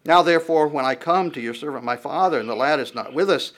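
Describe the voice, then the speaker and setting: A man's voice: medium pitch, quick pace, hardly any pauses, fairly bright tone. A man preaching a sermon, reading verses aloud and explaining them in a conversational, searching way, his voice rising on the quoted lines. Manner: reads verses aloud then comments in a conversational tone, with restarts.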